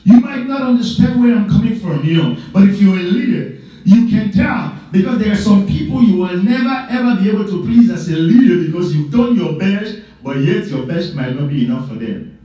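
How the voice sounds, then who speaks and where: A man preaching a sermon as pastor, emphatic and repetitive, swinging between loud stresses and low asides. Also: expressive, fairly quick, faint music behind. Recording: echoey church hall, mic at a distance.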